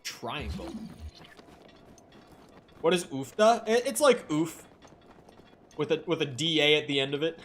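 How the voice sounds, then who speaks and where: A man's voice: fairly high pitch, very animated, a little slow, pauses often, a little hiss or hum. A man from Minnesota with a light Minnesotan accent, chatting casually and swearing freely as he streams a game and answers chat. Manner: chatty, profane, reads chat aloud. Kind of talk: casual live-stream commentary.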